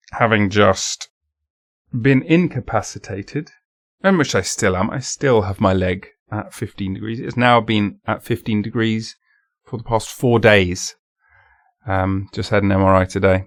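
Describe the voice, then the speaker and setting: A man's voice: lowish voice, animated, unhurried, dry recording, studio quality. Rambling self-mocking male podcast host. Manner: rambling, self-mocking, jumps into silly voices. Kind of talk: casual solo monologue.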